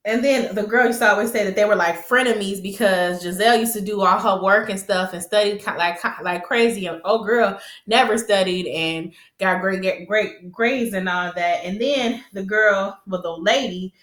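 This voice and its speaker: A woman's voice: medium pitch, normal speed. Chatty woman recapping in an echoey room. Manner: chatty and rambling, laughs often, animated quoting. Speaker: TV episode recap vlogger. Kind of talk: casual episode recap.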